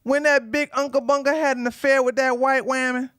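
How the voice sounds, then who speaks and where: A woman's voice: high voice, brisk, clear, resonant tone, no echo, clean studio sound. A woman hosting a live commentary stream, talking casually and animatedly to her chat. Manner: animated, talks to chat, sings snatches. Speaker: livestream commentary host.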